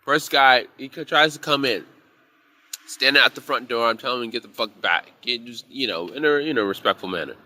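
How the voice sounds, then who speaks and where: A man's voice: mid-range voice, brisk, pushed and bright, dry recording. A man teaching a casual live class on intuition, telling rambling, profane stories from his bar job in a heated way.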